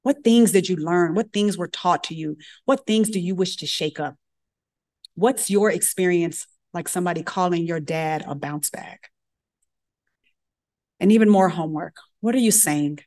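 A woman's voice: on the low side, moderate pace, darkish tone. A woman giving a lecture, telling a story and acting out the dialogue in character voices. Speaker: guest speaker at medical grand rounds.

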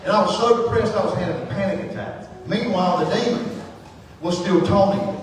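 A man preaches his testimony from the pulpit, pouring out feeling and shifting from hushed passages to shouted ones. His voice sits high, and it reaches the mic from some distance across an echoing church hall. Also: a little fast, slight background noise. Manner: impassioned, swings from hushed to shouting. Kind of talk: sermon testimony.

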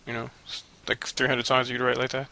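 Gravelly, cranky man commenting on a game. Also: mid-range voice, monotone, brisk, sharp tone. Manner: rambling, cranky and profane, laughs often. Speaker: let's play commentator. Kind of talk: casual gameplay commentary.

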